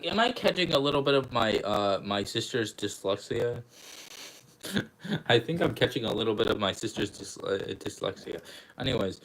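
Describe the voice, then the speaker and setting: A man's voice: mid-range voice, a bit bright, slight background noise, poor audio. A young man casually reading a book aloud with commentary, stumbling over words, correcting himself and laughing at his own slips. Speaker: channel host reading aloud.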